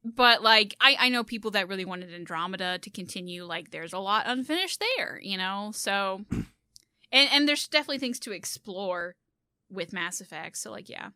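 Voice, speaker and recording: A woman YouTuber chatting casually on a gaming podcast, animated and quick to laugh. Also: medium pitch, clear, resonant tone, no echo, clean studio sound.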